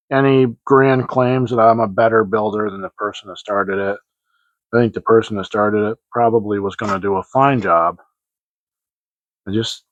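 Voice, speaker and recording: Low-voiced man rambling through a haul vlog. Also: a bit bright, no room sound. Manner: rambling and hesitant, full of restarts and fillers. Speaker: hobby model-kit channel host. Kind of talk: casual show-and-tell vlog. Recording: dry, slightly dull lo-fi sound.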